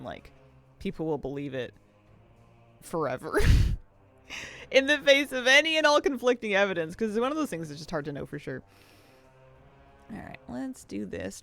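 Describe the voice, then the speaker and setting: A game streamer talking casually from a home office, chatty and rambling and quick to laugh. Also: medium pitch, lively intonation, creaky, bright, forceful tone, faint music behind. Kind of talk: casual chat while streaming a video game.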